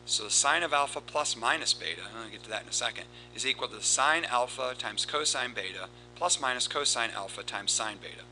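A man teaching a recorded math lesson, explaining steps in a steady, explanatory way and reciting formulas in a rhythmic cadence. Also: medium pitch, brisk, hardly any pauses, a little hiss or hum, poor audio. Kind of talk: recorded lesson with board work.

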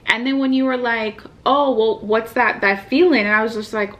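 A woman's voice: on the high side, fairly bright tone. Chatty young woman vlogger on a call. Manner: chatty storytelling, quick laughs. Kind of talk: casual video call chat. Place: hotel room. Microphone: phone on a video call.

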